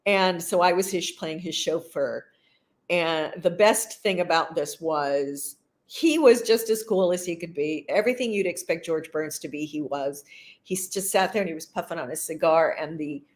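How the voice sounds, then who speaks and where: A woman, an actress, being interviewed and chatting casually, telling animated stories and laughing often. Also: on the low side, normal speed. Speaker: actress guest.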